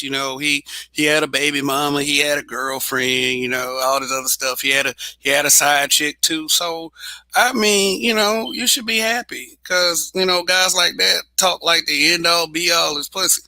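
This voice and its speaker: A man's voice: a little high, fairly even intonation, moderate pace, bright, forceful tone, no room sound. A man hosting a casual livestream monologue, blunt and profane, laughing often. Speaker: show host.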